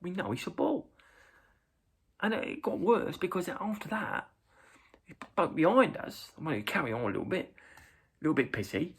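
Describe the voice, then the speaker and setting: Man, English accent, middle-aged, casual rambling anecdote, gravelly, husky. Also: on the high side, big pitch swings, moderate pace. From England. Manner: rambling anecdote with many fillers, jumping into loud acted quotes. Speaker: vlogger reacting to a video. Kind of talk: casual storytelling.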